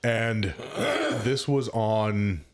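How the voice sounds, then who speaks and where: A man co-hosting a casual podcast chat, joking and throwing in quick asides. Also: fairly low pitch, over a noisy crowd. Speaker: podcast co-host, service advisor.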